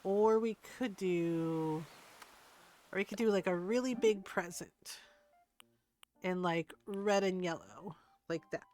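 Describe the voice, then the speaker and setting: A woman's voice: on the low side, slow, long pauses, a little mellow. A woman streaming a cozy game, chatting casually and thinking aloud with plenty of fillers. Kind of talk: casual gameplay chat.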